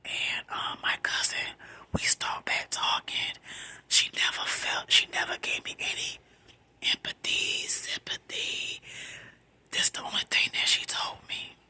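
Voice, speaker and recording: A middle-aged woman tells a personal story in a soft, breathy whisper. She is unhurried, emphatic and conversational, repeating words for stress.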